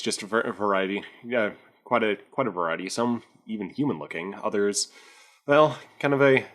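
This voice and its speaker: A player in a tabletop role-playing game voices his character in a lowish, slightly bright voice. He talks hesitantly, with many fillers and restarts.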